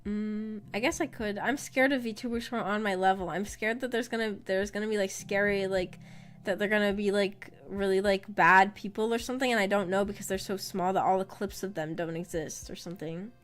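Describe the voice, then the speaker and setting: A woman's voice: medium pitch, fairly even intonation, brisk. A woman VTuber streamer chatting casually on a livestream, rambling, trailing off with fillers and laughing often. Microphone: streaming microphone. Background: faint background music.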